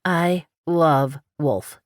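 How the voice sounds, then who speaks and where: A woman's voice: sits low, drawn-out words, no room sound, studio quality. A woman voicing a friendly, chatty local woman.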